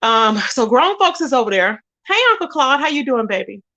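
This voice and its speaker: Sassy high-voiced woman livestreamer. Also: normal speed, highs cut off. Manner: animated, sassy, addresses viewers as child and baby. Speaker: livestream host. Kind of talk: casual livestream commentary.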